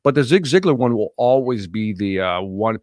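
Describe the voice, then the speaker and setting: A middle-aged man, a motivational speaker guesting on a podcast, talking in an earnest, energetic storytelling manner. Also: lowish voice, moderate pace, no room sound, studio quality. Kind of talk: casual podcast interview.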